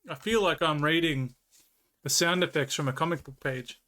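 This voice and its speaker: A man streaming live while writing a book, answering chat in a relaxed, joking way. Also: on the high side, moderate pace. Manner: laid-back, answers chat, jokey. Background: keyboard typing and clicking.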